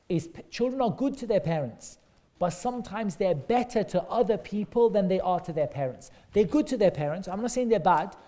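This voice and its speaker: Teaching a class of kids interactively, a man speaks in a slightly high, mellow voice. He repeatedly poses questions, then repeats what the children say with warm praise, keeping his talk relaxed, encouraging and full of everyday examples.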